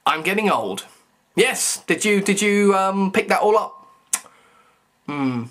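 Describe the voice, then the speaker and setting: A man's voice: high-pitched, expressive, slow, fairly bright tone. A young man, talking straight to camera in a rambling, stammering comedic rant full of mock outrage. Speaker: vlogger.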